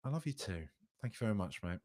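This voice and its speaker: A man's voice: fairly low pitch, very animated, quick pace, a little mellow. A man hosting a casual football podcast stream, arguing emphatically and repeating phrases as he makes his points. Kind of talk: casual live-stream commentary reading chat.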